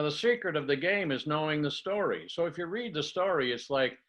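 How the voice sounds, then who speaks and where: Speaking briskly with lively intonation and hardly any pauses, this older man's voice sits a little high, and the sound is lo-fi. He's a communication coach running an online workshop by video call, rattling off tongue twisters in one breath and unpacking each as a little story.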